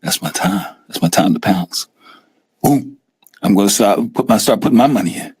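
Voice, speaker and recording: A middle-aged man hosting a casual live-stream talk show, animated and often acting out scared investors in a raised voice. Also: lowish voice, moderate pace, slightly rough. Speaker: host.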